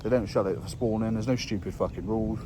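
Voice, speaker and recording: A man's voice: fairly low pitch, fast talker, very noisy. A man, talking in a casual, rambling, sweary way while fishing outdoors by a lake. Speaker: carp angler vlogger. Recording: outdoor ambience, passing trains.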